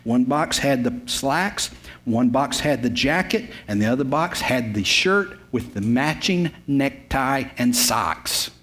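A man's voice: medium pitch, lively intonation, slow pace, fairly bright tone. Folksy preacher in his fifties. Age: 50s. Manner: emphatic, repetitive storytelling with folksy humor. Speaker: pastor. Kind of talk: sermon.

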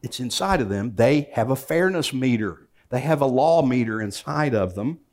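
Man, pastor, conversational sermon, joking asides, mid-pitched voice. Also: animated, normal speed, a little mellow. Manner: reads scripture aloud then explains it.

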